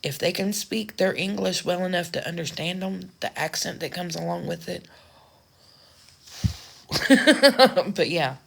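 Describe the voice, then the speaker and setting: A woman's voice: fairly low pitch, normal speed, vocal fry, few pauses. A woman from the United States talking frankly and ramblingly in a casual vlog. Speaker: social media creator.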